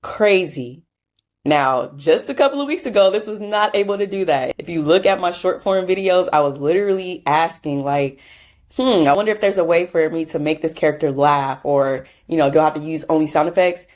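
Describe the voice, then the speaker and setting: Woman, low voice, chatty tutorial host, casual asides and laughs. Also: fairly quick, a little mellow. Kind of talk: casual screen-recorded software tutorial.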